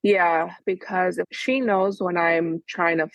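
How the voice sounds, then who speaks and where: Gravelly, low-voiced mother talking. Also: fairly even intonation, slow pace, no room sound. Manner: rambling, many fillers. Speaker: mother in coaching. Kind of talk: casual chat.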